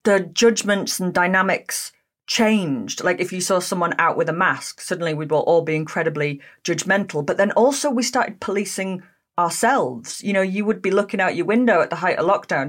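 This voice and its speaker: A woman with a slightly low voice hosts an interview. She muses aloud in a relaxed, conversational way before she puts open questions to her guest. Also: normal speed.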